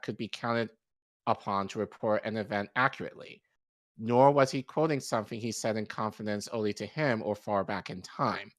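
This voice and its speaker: A man co-hosting a podcast who reads an article aloud, with steady delivery and occasional stumbles and self-corrections. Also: fairly low pitch, no echo. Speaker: podcast co-host.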